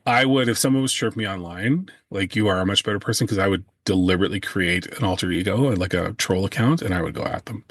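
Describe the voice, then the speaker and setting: A man's voice: low voice, fast talker, few pauses, no echo, studio quality. A man co-hosting a podcast, chatting casually and joking. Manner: joking, teasing. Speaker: podcast co-host. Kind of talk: casual chat.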